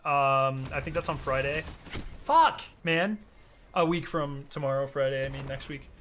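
Young man, game streamer, casual commentary, excitable, swearing, bright edgy voice. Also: medium pitch, a little hiss or hum. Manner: excitable, swears freely, quick outbursts.

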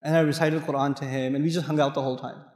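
A man's voice: a little high, rapid-fire. A man from Pakistan giving a mosque lecture, telling personal stories and acting out the dialogue while joking with his audience. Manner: animated storyteller who acts out dialogue and jokes with the crowd. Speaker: Islamic lecturer. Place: large mosque hall with audience. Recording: echoey hall with long reverb.

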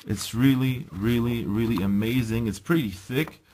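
A man giving a casual, enthusiastic unboxing review, chatting to viewers and pausing with ums as he handles the items. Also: mid-range voice, a little mellow, slight background noise. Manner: enthusiastic, chatty, often addresses viewers as guys; hesitant, with ums and restarts while handling items. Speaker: video reviewer.

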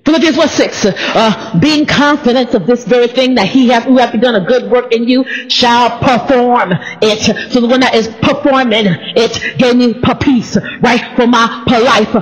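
A woman's voice: on the high side, normal speed, few pauses. A woman pastor preaching a playful sermon, stalling on p-sounds and calling out to the congregation. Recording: reverberant hall, dull sound.

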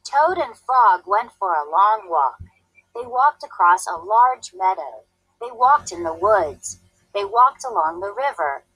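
Slow, expressive woman reading a story. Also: mid-range voice, no room sound, poor audio. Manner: expressive, clear and deliberate. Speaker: reading teacher. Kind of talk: storybook read-aloud.

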